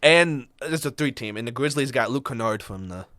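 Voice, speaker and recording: A man co-hosting a podcast, walking through the trades in a casual chat with fillers and quick asides. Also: medium pitch, animated, a bit bright, no echo. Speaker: podcast co-host.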